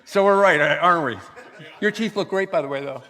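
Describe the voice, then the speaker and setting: Male conference speaker, slightly high voice, animated storyteller, long church-hall reverb. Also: normal speed. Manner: animated storyteller acting out dialogue. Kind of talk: storytelling sermon talk.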